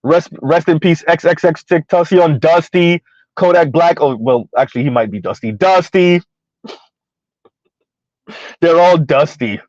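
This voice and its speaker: A man's voice: fairly high pitch, normal speed, darkish tone, dry recording. A middle-aged man, ranting in a casual comedic way and laughing often, with a sing-song lift on his repeated punchline. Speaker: commentary vlogger. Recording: dry, dull lo-fi recording.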